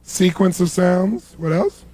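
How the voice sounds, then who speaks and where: At a live seminar in a large hall full of people, a motivational speaker leads the audience through exercises, coaxing them along in an animated way. His voice is high and gravelly, he speaks slowly, and there is no room sound.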